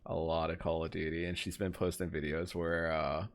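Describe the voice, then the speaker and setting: Man, game streamer, casual chat with viewers, gravelly, low-pitched. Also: little pitch movement, normal speed. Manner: chatty, trails off quietly, then greets chat brightly.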